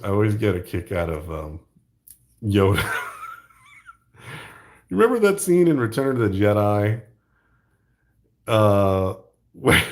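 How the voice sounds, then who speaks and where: A middle-aged man hosting his own channel, rambling jokily in casual chat and laughing often. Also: on the low side. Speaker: YouTube art channel host.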